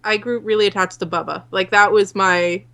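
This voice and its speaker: A woman's voice: medium pitch, steady tone, brisk, background noise. A woman on a podcast, telling stories in an easygoing way. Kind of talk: casual chat.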